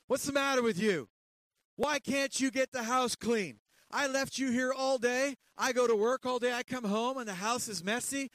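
A man acting out a berating husband, scolding loudly and accusingly. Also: very high-pitched, moderate pace, no room sound, voice pushed up, rough recording. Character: nagging, berating middle-aged husband.

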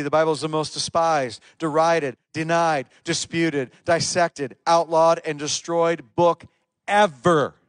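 A pastor preaching a sermon to his church, pressing hard on key words and then dropping to quiet, low asides. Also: no echo. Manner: emphatic, swings from loud stresses to quiet low asides. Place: church service.

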